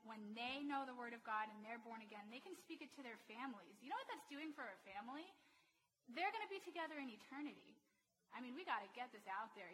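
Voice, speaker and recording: A woman's voice: fairly high pitch, low-quality recording. A woman preaching a sermon to a congregation, speaking in a conversational way and often putting questions to the listeners. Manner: animated, conversational, asks the audience questions. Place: church hall with a congregation.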